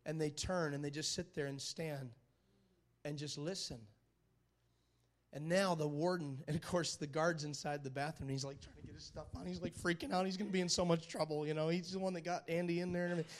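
Male preacher, high voice, animated storyteller, repeats himself for emphasis, checks in with the crowd. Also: fairly quick. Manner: animated, dramatic storyteller who asks the crowd for agreement. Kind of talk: sermon with a retold film story.

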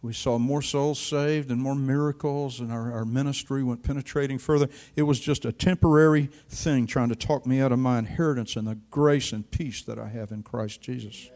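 An older man preaching a sermon, telling a personal story with dramatic swings between quiet and loud. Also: medium pitch, fairly even intonation, normal speed, hardly any pauses.

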